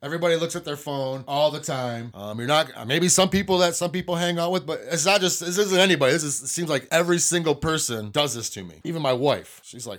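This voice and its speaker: A man's voice: fairly high pitch, fairly quick, few pauses, fairly bright tone. A man hosting his own podcast, ranting in a casual, profane, rambling way from a small home studio. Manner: profane, rambling, riled-up venting. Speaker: podcast host. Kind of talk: casual solo podcast rant. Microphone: studio microphone.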